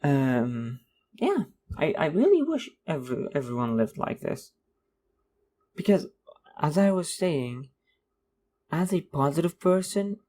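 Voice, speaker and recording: A young man hosts a podcast, delivering a casual monologue that turns into a sarcastic rant, slipping into mocking voices. His voice is fairly high-pitched and mellow.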